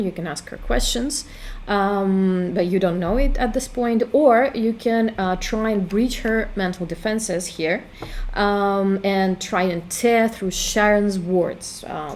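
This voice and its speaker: A woman giving casual walkthrough commentary on her own game, thinking aloud with hesitant pauses. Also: mid-range voice, darkish tone, a little hiss or hum. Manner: hesitant, full of fillers and restarts while thinking aloud. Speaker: game creator demonstrating her work.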